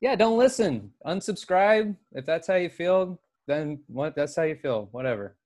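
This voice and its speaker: A man co-hosting a podcast, telling stories in casual chat, animated and full of swearing. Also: on the high side, normal speed. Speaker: podcast co-host.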